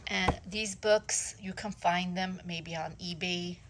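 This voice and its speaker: A woman vlogger showing her collection of jewelry books in a casual show-and-tell, talking softly and admiringly and stumbling when she reads aloud. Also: lowish voice, fairly even intonation, slight background noise, poor audio. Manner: slow, soft-spoken, admiring, stumbles when reading aloud.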